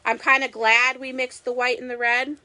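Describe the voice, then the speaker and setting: A woman's voice: high voice, level tone, normal speed, bright, forceful tone. Chatty woman with a Boston accent. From Massachusetts. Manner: chatty and enthusiastic, talks to viewers while working. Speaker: crafter hosting a live stream. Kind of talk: live craft demo chat.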